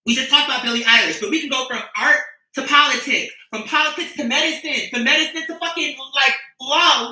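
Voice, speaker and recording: Woman, fervent profane ranting, sharp bright voice, echoey room, off-mic. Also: high-pitched, fairly quick, distant mic. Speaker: streamer addressing her followers. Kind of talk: impassioned livestream monologue.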